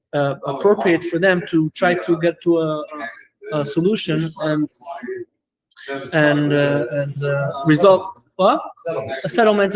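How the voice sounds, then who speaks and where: Fast-talking rabbi teaching a class. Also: male voice, a little high, rough recording. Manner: fast-talking with many fillers and restarts; mixes English with Hebrew and Yiddish terms. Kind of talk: lecture.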